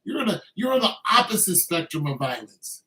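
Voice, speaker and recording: A man's voice: high-pitched, big pitch swings, a little fast, sharp tone, echoey room, low-quality recording. A man, an army veteran, speaking in a casual commentary monologue, loose and conversational with many filler phrases. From Braddock, Pennsylvania.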